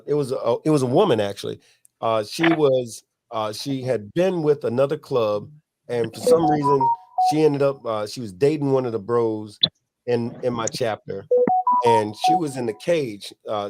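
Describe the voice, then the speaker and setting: A man's voice: medium pitch, a little mellow. Profane storytelling biker man. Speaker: podcast host, motorcycle club member. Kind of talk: casual podcast chat.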